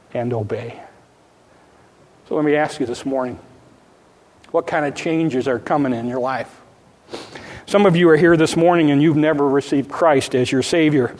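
A man preaching a sermon, swinging from hushed pleading to loud exclamation. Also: on the high side. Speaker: pastor. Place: church sanctuary. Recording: long reverb of a church hall.

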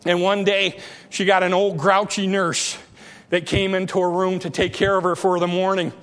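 High-voiced preacher in a reverberant hall. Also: male voice, little pitch movement, normal speed. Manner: dramatic, rising to shouts, repetitive emphasis. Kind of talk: sermon.

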